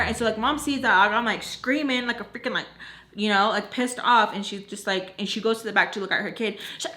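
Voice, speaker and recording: A young woman telling a storytime in a casual chat, animated, swearing and saying "like" a lot. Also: on the high side, fast, reverberant, a little hiss or hum. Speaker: storytime vlogger.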